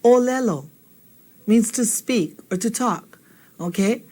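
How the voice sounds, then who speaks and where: A woman's voice: on the high side, expressive, takes it slowly, mellow. A woman teaching a spoken language lesson, patient and encouraging, often checking in with the learner. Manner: patient, repeats and checks in with "okay?".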